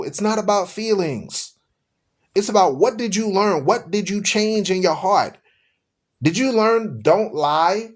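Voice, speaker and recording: A man's voice: high voice, lively intonation, unhurried. A man hosting a live-streamed show, preaching emphatically with rhetorical questions, mockery and scripture read aloud. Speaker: host.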